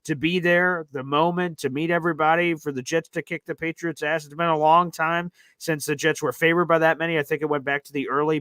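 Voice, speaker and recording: A young man hosting a live sports call-in show, chatty and quick in his back-and-forth with callers. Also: on the high side, sharp tone, no room sound. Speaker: podcast host.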